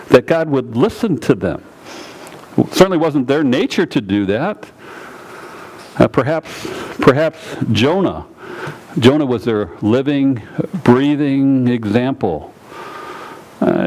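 Emphatic preaching man, wide swings. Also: poor audio. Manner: emphatic, swings from low and slow to high and loud. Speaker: pastor. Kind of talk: sermon.

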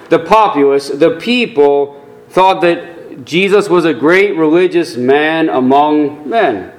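Slow, earnest preaching man. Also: on the high side. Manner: earnest, deliberate preaching with emphatic rises. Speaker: pastor. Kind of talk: sermon.

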